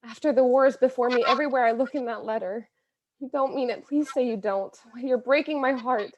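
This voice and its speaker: A lovesick young woman from 1918 pours her heart into letters to her soldier, read aloud by a woman. Her voice sits at a middle pitch, earnest and imploring. The sound is dry and close. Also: fairly even intonation, brisk, a little mellow, dry recording, dull audio, close to an everyday voice. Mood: pleading. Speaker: reader of historical letters. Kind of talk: dramatic letter reading.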